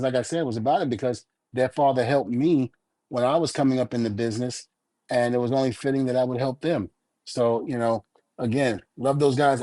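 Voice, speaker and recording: A middle-aged man, a retired wrestler telling lively stories on a podcast and acting out the lines he quotes. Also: mid-range voice, dry recording. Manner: animated storyteller, shouts out quoted lines. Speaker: retired pro wrestler, co-host. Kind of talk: casual podcast storytelling.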